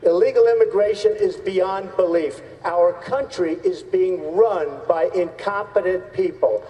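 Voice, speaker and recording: A man's voice: high-pitched, unhurried, warm tone. A man running for president, giving blunt, repetitive, conversational debate answers. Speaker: presidential candidate. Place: large debate hall on stage. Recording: distant mic in reverberant hall.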